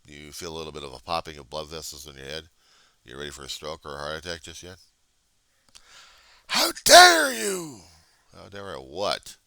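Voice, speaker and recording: A man's voice: a bass voice, quick pace, bright, forceful tone, smooth, no echo. A man in casual chat who talks bluntly and sarcastically, with plenty of profanity.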